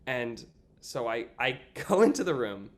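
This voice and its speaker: Animated young man telling a story. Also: medium pitch, a little slow. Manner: animated, acts out quoted voices, frequent "like". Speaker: guest, stage actor. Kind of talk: casual interview storytelling.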